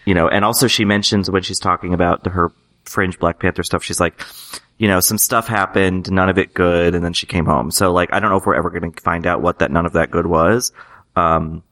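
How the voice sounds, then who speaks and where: A man with a very deep voice and a bright, forward tone talks fast as a podcast co-host. He works through his thoughts in loose, searching phrases. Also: fairly even intonation. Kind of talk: casual TV recap discussion.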